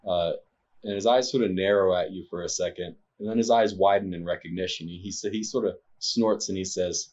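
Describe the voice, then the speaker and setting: A man runs a tabletop game, narrating in a hesitant way with frequent fillers. His voice is husky and lowish, and his mic sounds dull and lo-fi. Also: steady tone, brisk, a little mellow. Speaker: game master.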